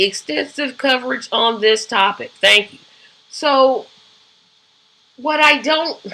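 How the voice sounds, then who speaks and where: A woman's voice: mid-range voice, pushed and bright, low-quality recording. A woman hosting a live show, giving casual, opinionated political commentary with frequent ums and rhetorical asides.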